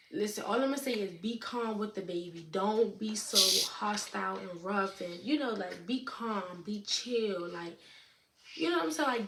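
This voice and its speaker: A young woman in her late teens chatting casually to camera, answering viewer questions in a relaxed way, with lots of "you know what I'm saying.". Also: mid-range voice. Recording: echoey room with faint noise.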